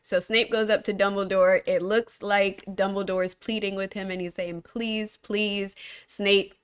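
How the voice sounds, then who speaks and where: A young adult woman co-hosting a casual chat, retelling a story in a chatty, lively way. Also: medium pitch, moderate pace, clean tone. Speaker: podcast co-host.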